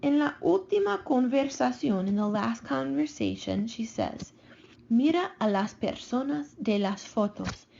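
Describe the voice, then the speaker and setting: A woman teacher calmly talking students through vocabulary slides, slowing down on new words. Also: a little high, gravelly, dull audio, a little hiss or hum. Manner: patient, slows down for vocabulary. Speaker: Spanish teacher. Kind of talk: recorded classroom lesson over slides.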